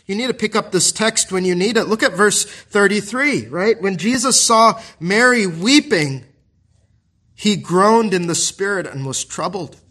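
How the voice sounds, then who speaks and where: Earnest male preacher, fairly high voice, pastoral sermon, many rhetorical questions. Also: a little slow, sharp tone.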